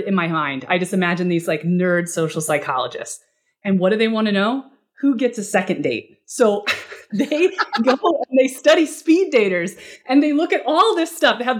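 A woman speaking as a guest expert in a podcast interview, casual and animated, often acting out short quoted exchanges. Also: medium pitch. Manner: animated, acts out client dialogue in quoted voices; casual, uses fillers like "like" and "you know".

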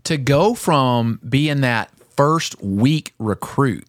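Animated man telling a boot camp story. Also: medium pitch, drawn-out words, dry recording, studio quality. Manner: animated storyteller, acts out drill instructors. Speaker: podcast co-host. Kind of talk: casual chat.

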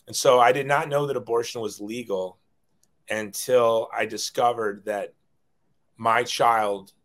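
A man's voice: mid-range voice, fairly even intonation, a little slow, a bit bright. A middle-aged man, a guest on an interview show, telling a personal story in an earnest, rambling way, often repeating words when moved.

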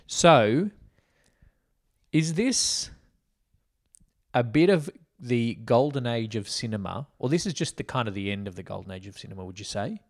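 A man co-hosting a laid-back film podcast, asking questions and playfully acting out lines from scenes. His voice sits at an ordinary middle pitch for a man. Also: lively intonation, normal speed, long pauses. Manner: talkative, questioning, acts out quotes playfully. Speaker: podcast co-host. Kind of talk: casual film discussion chat.

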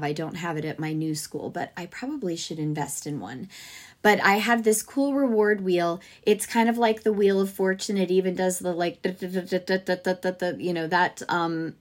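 A woman hosting a podcast for music teachers, giving advice in a chatty, upbeat way with lots of asides. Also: mid-range voice.

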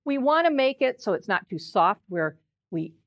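Expressive older woman voice coach. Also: medium pitch, moderate pace, no room sound, muffled recording. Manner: expressive, demonstrative, sings examples. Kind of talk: presentation talk.

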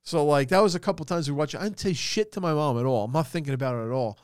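A man's voice: fairly high pitch, very fast, clear, resonant tone, no room sound, studio quality. A man with a New Jersey accent, co-hosting a podcast and telling a story in casual, profane chat full of "like" fillers. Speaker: podcast co-host.

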